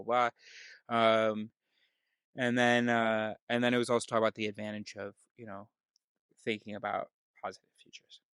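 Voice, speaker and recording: A male video host rambles through a solo talk, meandering, interrupting himself and laughing at himself. His voice sits on the low side with a fairly bright tone, and the sound is dry and close with no echo.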